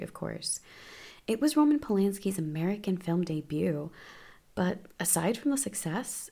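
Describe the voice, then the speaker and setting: A woman's voice: on the low side, gravelly, darkish tone. A woman casually recapping film plots, chatty and offhand, with asides and self-corrections.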